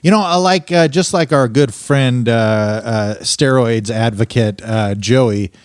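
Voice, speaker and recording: A man's voice: medium pitch, a little slow, smooth, no room sound, clean studio sound. A man co-hosting a podcast, rambling through crude, self-mocking improvised comedy bits. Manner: rambling, self-mocking, jumps into silly put-on voices. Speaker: podcast co-host.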